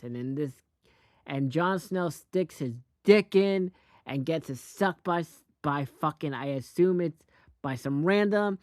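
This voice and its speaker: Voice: medium pitch, takes it slowly, no echo, studio quality. A host giving a casual, rambling and profane recap of a TV episode, speaking bluntly.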